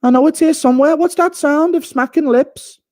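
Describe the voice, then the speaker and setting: A man's voice: very high-pitched, moderate pace, darkish tone, voice pushed up. A man doing a baffled English lad. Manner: puzzled, calling out into the house. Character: bewildered English lad searching his house.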